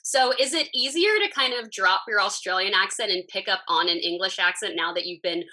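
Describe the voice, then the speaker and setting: A young woman hosts an entertainment interview, gushing and chatty. Her voice is bright and forward, with a breathy edge. She fills her questions with casual asides. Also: medium pitch, fairly quick, low-quality recording. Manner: gushing, uses like and you know a lot.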